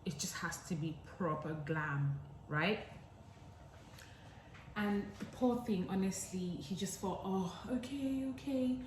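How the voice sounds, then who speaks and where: A woman's voice: on the low side, slow pace, long pauses, echoey room, a little hiss or hum, rough recording. A young woman, a vlogger telling a dramatic story while she cooks in her kitchen. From England. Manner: animated, dramatic storytelling that acts out both sides. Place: home kitchen.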